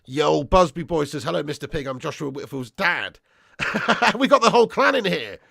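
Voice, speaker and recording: A man's voice: fairly high pitch, expressive, moderate pace, vocal fry, a bit bright, dry recording, studio quality. A young man hosting a football watch-along, reading out live chat with swearing banter and calling viewers lad and bro.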